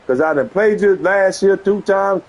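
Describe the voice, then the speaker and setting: A man's voice: sits high, normal speed, rough recording. A man streaming a video game, arguing heatedly with an opponent over voice chat and repeating himself to cut in. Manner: agitated, keeps repeating "hold on".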